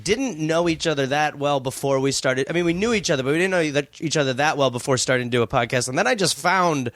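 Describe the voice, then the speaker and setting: A man who is a guest on a podcast, making quick jokes and telling stories in casual chat. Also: on the high side, lively intonation, fairly bright tone, no room sound. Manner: quick, joking interjections. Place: home studio.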